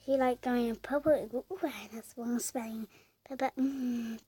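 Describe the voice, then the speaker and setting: High, soft-toned woman for casual game commentary, chatty, unhurried, slips into whispers. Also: flat delivery, slightly rough. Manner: chatty, sing-song, drifts into whispered asides. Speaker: gamer narrating her play.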